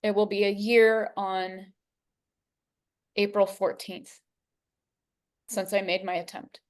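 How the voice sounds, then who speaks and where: A woman's voice: medium pitch, little pitch movement. Earnest woman in her forties, emotional. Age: 40s. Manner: earnest, emotional, unhurried with long pauses. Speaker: interview guest. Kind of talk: personal testimony.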